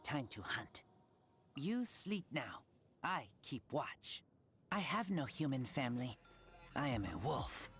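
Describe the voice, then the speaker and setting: Feral wolf-boy from a game, broken terse speech, slow delivery, swooping intonation. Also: mid-range voice, big pitch swings, fairly bright tone, soft background music. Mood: gruff, simple. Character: young wild boy raised by wolves. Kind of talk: game character voice lines.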